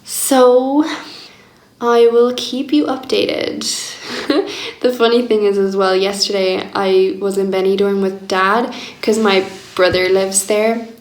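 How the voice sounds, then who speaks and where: A woman's voice: medium pitch, fairly even intonation, measured pace. A young woman speaking candidly and reflectively in a personal diary vlog, laughing often as she talks. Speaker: vlogger. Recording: echoey room.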